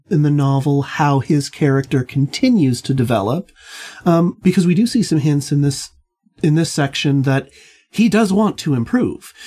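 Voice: mid-range voice, mellow. An instructor leading a literature seminar, speaking thoughtfully with frequent restarts and hedges.

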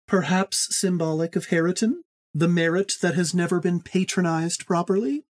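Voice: medium pitch, dry recording, studio quality. A podcast host running a casual book club pop quiz, teasing and swearing, speeding through explanations. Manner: teasing, profane, quick bursts of explanation.

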